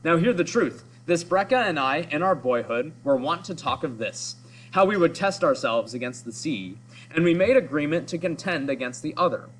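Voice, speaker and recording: A man's voice: a little high, lively intonation, normal speed, poor audio. A man reading the lines of a proud, boastful male hero in solemn, old-fashioned speech. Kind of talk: read-aloud of a story.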